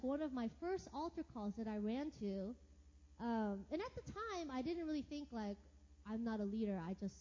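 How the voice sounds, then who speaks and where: A woman sharing a personal testimony sermon as a church leader, animated and acting out her own past reactions. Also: a little high. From United States. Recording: reverberant hall, dull lo-fi sound.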